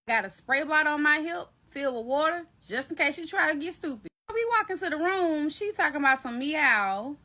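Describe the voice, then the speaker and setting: A woman telling a story in a casual storytime vlog, animated and slangy, talking straight to her viewers. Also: sits high. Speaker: vlogger.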